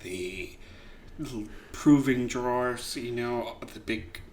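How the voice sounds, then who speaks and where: A man's voice: medium pitch, takes it slowly, darkish tone, a little hiss or hum. A young man co-hosting a comedy podcast, talking in a playful, boastful way. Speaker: podcast co-host. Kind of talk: casual comedic chat.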